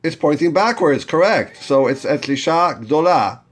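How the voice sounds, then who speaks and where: A Torah reading teacher with a slightly high, expressive voice guides learners through a chanting lesson at a moderate pace. He patiently talks them through each step and asks them to repeat after him.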